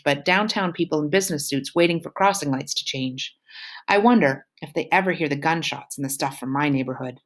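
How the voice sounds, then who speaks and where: Low-voiced woman, steady novel reading with small self-corrections. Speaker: reader.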